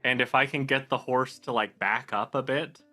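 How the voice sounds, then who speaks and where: A man's voice: mid-range voice, steady tone, moderate pace, pushed and bright, faint music behind. A man playing a tabletop game, talking in a hesitant, thoughtful way with many fillers. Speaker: player. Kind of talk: casual tabletop game play.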